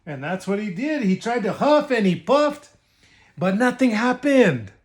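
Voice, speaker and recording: A man's voice: high-pitched, big pitch swings, measured pace. A man reading a picture book aloud to children, switching between languages and stopping to explain words. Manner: bilingual, explaining asides to children. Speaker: state official reading to children.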